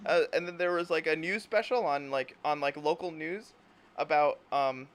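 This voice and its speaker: A man's voice: a little high, normal speed, a bit bright, clear, resonant tone. A man hosting a casual chat, rambling through stories, laughing constantly and acting out silly imagined lines. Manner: giggly, rambling, laughs through his words. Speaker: host.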